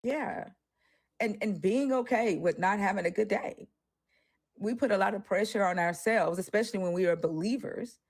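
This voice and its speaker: A woman's voice: medium pitch, lively intonation, moderate pace, a little mellow, no echo. A woman co-hosting a casual discussion, candid and profane, often acting out the voices of people she quotes. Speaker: co-host.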